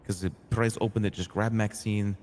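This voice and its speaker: A streetwise crew boss, voiced by a man in a roleplay game, earnest and hot-tempered. He tells his side animatedly, acts out the lines of others and swears freely. His voice sits a little low, with a long reverb tail behind it. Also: flat delivery, a little fast, darkish tone, a little hiss or hum, close to an everyday voice. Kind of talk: in-character storytelling in a roleplay game.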